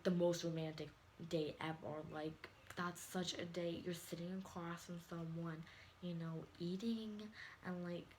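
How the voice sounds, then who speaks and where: A woman's voice: fairly low pitch, slight background noise, low-quality recording. A teenage girl ranting to a phone camera in a vlog, sassy and exasperated, calling people "honey.". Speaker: vlogger. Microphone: phone or webcam.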